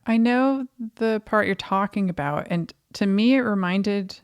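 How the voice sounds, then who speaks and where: A woman's voice: mid-range voice, measured pace, clean tone. A woman co-hosting a film review podcast, talking casually and thoughtfully with frequent fillers. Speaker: podcast co-host.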